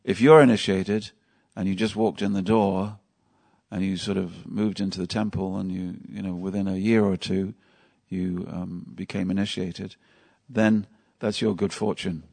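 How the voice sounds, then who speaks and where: At a temple, a lecturer with a deep, creaky voice, a darkish tone and a breathy edge teaches a devotional class at a moderate, steady pace. His delivery is conversational storytelling, and he often asks the audience questions.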